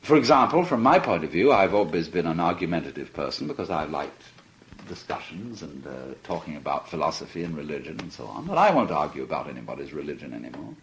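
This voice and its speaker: Older male lecturer, animated intonation, conversational and amused. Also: a bass voice, quick pace, rough recording. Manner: conversational and amused, with frequent laughter. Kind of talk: philosophical lecture.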